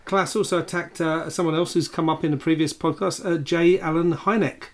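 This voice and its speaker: A man co-hosting a podcast in casual chat, calmly recounting events from notes. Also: a little high, brisk. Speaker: podcast co-host.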